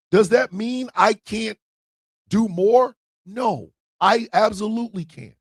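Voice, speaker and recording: A man with a high, gravelly voice that leaps up and down in pitch, speaking from a dry, close setup. He hosts a livestream and preaches with fiery emphasis. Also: animated, takes it slowly, no echo. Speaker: internet radio co-owner and host. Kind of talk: impassioned livestream monologue.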